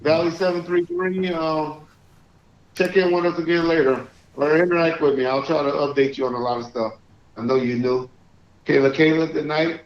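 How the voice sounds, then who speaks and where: A man hosting a live call-in stream, chatting casually and reading out shout-outs to viewers. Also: fairly high pitch, steady tone, normal speed. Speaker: livestream host. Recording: echoey, dull lo-fi stream audio.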